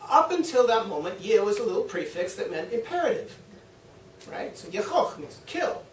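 A man giving a university talk, telling anecdotes with animated quoted voices and frequent laughter. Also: high-pitched, moderate pace. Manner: lively storytelling, acts out quotes, laughs often. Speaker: guest lecturer. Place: lecture room. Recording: roomy, from a distance, faint hum.

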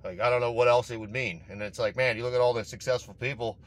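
A man's voice: medium pitch, fairly even intonation, quick pace. A man in a casual motivational monologue, intense and profane, rambling as he talks. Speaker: vlogger. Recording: outdoor traffic noise.

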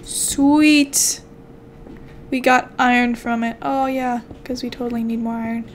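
A woman's voice: fairly high pitch, flat delivery, unhurried, slight background noise. A young woman chatting playfully to herself while commenting on her game as a channel host. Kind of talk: casual gameplay commentary.

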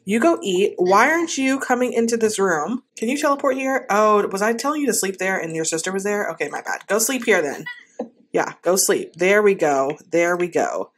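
A woman's voice: mid-range voice, expressive, normal speed. A woman giving casual gameplay commentary, talking to her game characters in an exasperated, playful way. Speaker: gaming host.

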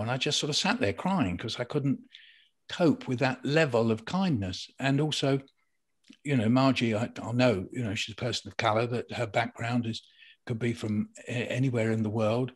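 An older man, a poet, telling a personal story in a reflective conversation, halting and restarting as he goes. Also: mid-range voice, slightly rough. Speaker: interviewee, poet.

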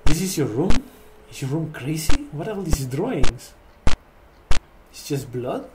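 A man's voice: fairly high pitch, big pitch swings, unhurried, echoey room, very noisy. A man in a comic vampire persona, commenting in broken English while playing a horror game and talking to what he sees. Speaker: let's play gamer in a vampire persona.

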